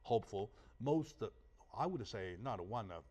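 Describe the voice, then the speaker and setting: With a lowish, darkish voice at normal speed, this male talk show host, a native Chinese speaker, sounds animated throughout the interview. He fires off rhetorical questions emphatically and keeps tagging on "right?"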